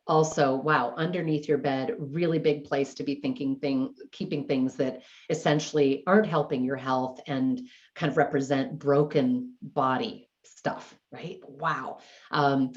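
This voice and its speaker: A woman's voice: extremely low pitch, steady tone, measured pace. A middle-aged woman teaching a decluttering workshop, telling stories in a chatty, conversational way full of "like" and "you know". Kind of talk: storytelling in a live class talk. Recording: dull lo-fi recording.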